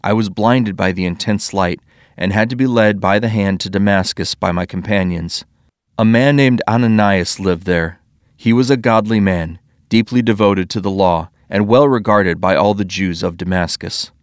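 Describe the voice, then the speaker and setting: Low-voiced man reading scripture. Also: normal speed, dry recording, clean studio sound. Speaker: scripture reader.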